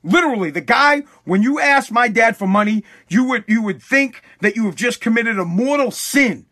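A man's voice: very high voice, animated, moderate pace, sharp tone. A man telling a casual story bluntly, full of swearing and restarts. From Massachusetts.

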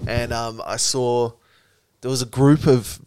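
A young Australian man co-hosting a podcast, trading relaxed jokes and banter in casual chat. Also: mid-range voice, a little hiss or hum. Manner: relaxed, joking, quick banter. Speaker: podcast co-host.

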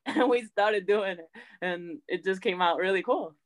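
A young woman as an interview guest, chatting in a lively way, acting out quotes and saying "like" a lot. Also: medium pitch, normal speed, poor audio. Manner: chatty, animated, acts out quotes, says "like" often. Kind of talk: casual storytelling.

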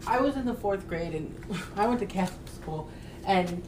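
A woman's voice: medium pitch, lively intonation, normal speed, roomy sound, far from the mic. A woman guest speaks earnestly, telling personal stories in a casual political chat. Her voice sits a bit back from the mic, with a faint hiss underneath. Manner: earnest, storytelling.

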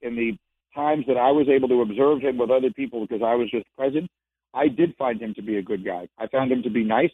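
A former sports reporter appears as a guest on a casual radio show, building his arguments by repeating phrases. He speaks in a mid-range voice over a phone, and the line sounds dry and tinny with no echo.

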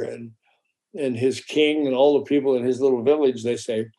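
Mellow-voiced man telling an animated story. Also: medium pitch, normal speed. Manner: animated, acts out the voices of characters in his stories; casual, with occasional swearing. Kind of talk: casual storytelling chat.

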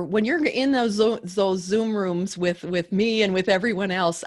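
A woman hosting an interview over a video call, asking questions with enthusiasm and frequent fillers and restarts. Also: medium pitch. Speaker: host. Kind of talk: conversational interview.

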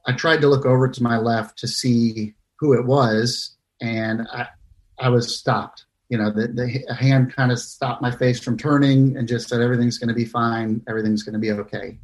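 A young man tells his own near-death story, his voice held in a narrow, flat range. He pauses often and restarts his sentences as he speaks with earnest care. His pitch sits in an ordinary middle register. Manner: halting, many fillers and restarts, earnest. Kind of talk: personal story told in casual talk.

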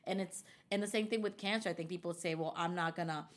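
A woman's voice: lowish voice, fast. A woman telling a personal story in casual conversation, animatedly quoting the people involved. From United States. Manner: animated, quotes people in her stories. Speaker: guest.

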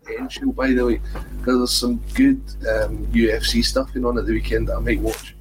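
A man's voice: medium pitch, little pitch movement, a little fast, slight background noise, rough recording. A Scottish man hosting a football podcast, chatting and joking casually. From Scotland. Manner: chatty, joking, says "um" often. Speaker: podcast host. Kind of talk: casual chat.

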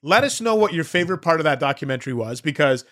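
A man from Canada co-hosts a sports podcast with eager energy. His voice sits a bit high for a man. He talks in quick bursts and often speaks straight to his listeners. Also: expressive, a bit bright. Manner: eager, rapid bursts, audience-addressing. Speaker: podcast co-host. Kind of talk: casual sports chat.

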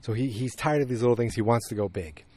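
A man's voice: medium pitch, fast talker, warm tone. A man casually recapping a TV episode, rambling with lots of fillers and restarts. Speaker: show recapper. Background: dogs barking.

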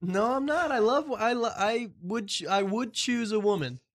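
A man's voice: high voice, expressive, moderate pace. A man co-hosting a comedy podcast, talking in blunt, crude, exasperated banter in a studio.

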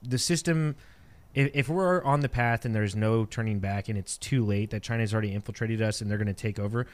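A man's voice: fairly low pitch, a little fast. A man hosting a casual podcast chat who rambles through his point and often restarts sentences.

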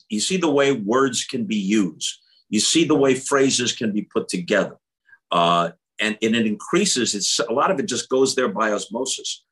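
A man in his seventies from the New York area, a veteran sports broadcaster telling stories as an articulate, animated interview guest. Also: medium pitch, poor audio. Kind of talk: casual interview storytelling.

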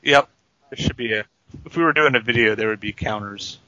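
Man, bright sharp voice, podcast co-host, dry wisecracks, dead-dry lo-fi sound. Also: lowish voice, brisk, no room sound. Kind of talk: casual movie-discussion podcast.

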